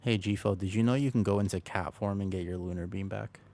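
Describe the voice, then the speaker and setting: A man livestreaming a game, chatting casually and playfully with viewers while keeping his voice quiet to rest a sore throat, close to his desk microphone. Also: deep voice, steady tone, brisk. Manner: playful, chatty, talks to chat by name. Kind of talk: casual chat while gaming.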